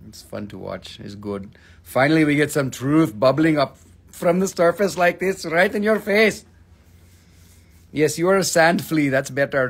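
A man casually hosting a live mineral sales stream, swearing and joking as he rambles. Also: fairly high pitch. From Appalachian Valley, USA.

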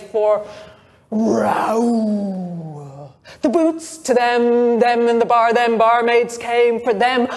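A woman with an Irish accent giving a dramatic literary reading, slow and lively, acting out the characters with laughs and gasps. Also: a little high. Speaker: reader.

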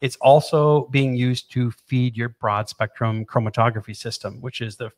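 A man of ordinary middle pitch walks a listener through a technical drawing in a loose, talkative way. He repeats words for effect and slips in playful asides. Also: little pitch movement, moderate pace. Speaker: presenter explaining equipment. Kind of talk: casual technical explanation over drawings.

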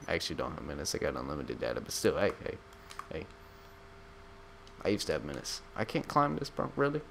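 A man's voice: rumbling low, huge pitch swings, fairly quick, gravelly, pauses often, a bit bright, slight background noise. A young man giving casual, joking gameplay commentary as a gaming YouTuber, rambling and slangy.

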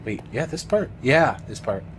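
A young man gives rambling, excitable let's play commentary and swears now and then. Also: medium pitch, normal speed. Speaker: gamer. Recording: noisy background ambience.

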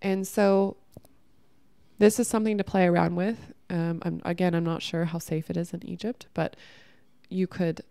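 A woman's voice: fairly low pitch, creaky, dark tone, no echo. A young woman vlogger giving earnest, spiritual advice in a casual monologue, swearing freely.

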